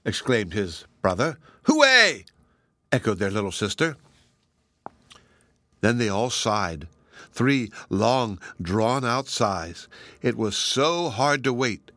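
A man reading a children's storybook aloud, gentle and expressive, with playful asides. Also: fairly low pitch, slow pace, no room sound.

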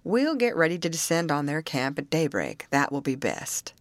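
A woman reading a steady, kindly foreman. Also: low voice, normal speed, dry recording. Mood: firm. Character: steady middle-aged male foreman, firm and kindly.

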